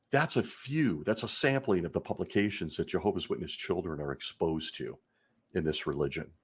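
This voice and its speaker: A man's voice: low voice, breathy edge. A middle-aged man hosting a commentary show, speaking in an earnest, indignant and emphatic way. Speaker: podcast host. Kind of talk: commentary on a religion he left.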